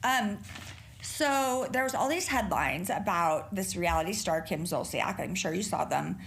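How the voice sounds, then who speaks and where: A woman's voice: medium pitch, lively intonation, unhurried, gravelly, fairly bright tone. A middle-aged woman hosting a podcast alone, chatting casually in a rambling, profane way. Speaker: podcast host. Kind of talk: casual solo podcast chat.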